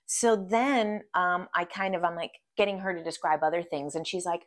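Chatty woman vlogger, lowish voice. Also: moderate pace, hardly any pauses. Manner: chatty, full of "like" fillers. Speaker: vlogger telling a story. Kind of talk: casual storytelling.

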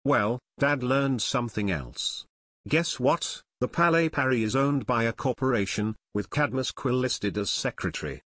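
Male reader doing a decisive teenage sleuth, brisk and dry-sounding. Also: medium pitch, lively intonation, fairly bright tone, no room sound.

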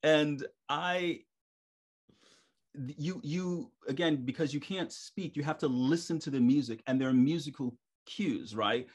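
Animated man telling stage stories. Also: a little high, a little slow, slightly rough. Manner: animated, acts out his own inner thoughts. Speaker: podcast guest, stage performer. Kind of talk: casual storytelling interview.

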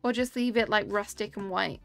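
A woman's voice: mid-range voice, steady tone, fairly quick, creaky, soft background music. A young woman live-streaming a cozy game, chatting casually and answering her chat as she builds.

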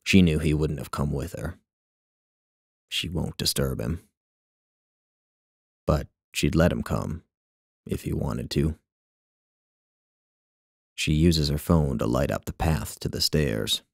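Man, author reading his own story, measured and wry, extremely deep, gravelly, dry close recording. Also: dry recording. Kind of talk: scripted literary narration.

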